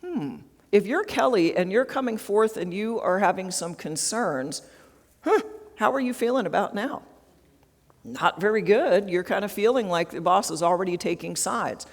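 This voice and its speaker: A woman's voice: mid-range voice, lively intonation, normal speed. Woman HR trainer in an echoey hall. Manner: checks in with the audience with frequent tag questions. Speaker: HR trainer speaking at a conference. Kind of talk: interactive workshop presentation. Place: large conference hall. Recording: long hall reverb.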